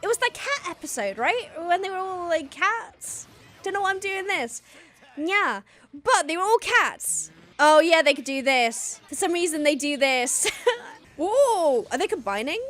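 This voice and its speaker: A woman's voice: very high-pitched, expressive, a little slow, fairly bright tone, soft background music. A woman hosting a reaction video, exclaiming, gasping and laughing as she watches. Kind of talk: excited reaction commentary.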